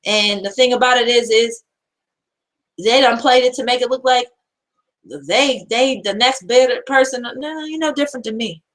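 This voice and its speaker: A woman's voice: a little high, moderate pace, rough recording. A woman hosting an empowerment show, giving earnest, repetitive, preacher-like encouragement in casual motivational talk.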